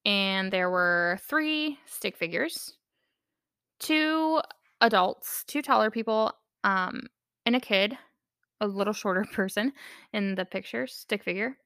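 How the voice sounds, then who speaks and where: A woman's voice: medium pitch, gravelly, a bit bright, clean tone, no echo, clean studio sound. A young woman hosting her own podcast, talking in a candid, chatty way with lots of fillers and casual swearing. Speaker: podcast host. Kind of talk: casual personal podcast monologue.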